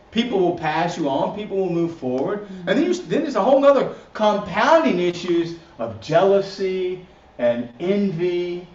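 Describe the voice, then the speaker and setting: A man's voice: sits high, darkish tone. A man teaching a church class in a casual, repetitive way, restarting phrases and tagging points with "right?". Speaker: ministry teacher. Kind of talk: recorded teaching session. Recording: roomy, distant, dull lo-fi audio.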